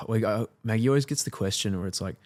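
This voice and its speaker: Laid-back Australian dad, lowish voice. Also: male voice, fast, darkish tone. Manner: laid-back storytelling, playfully mimics his kids. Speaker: father on a parenting podcast. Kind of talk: casual chat.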